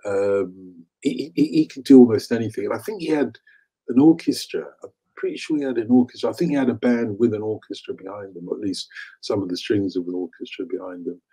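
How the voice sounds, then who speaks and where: A man's voice: fairly low pitch, a little fast, mellow, husky, rough recording. A man in his sixties co-hosting a casual, opinionated chat about old chart songs, laughing easily. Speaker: radio co-host.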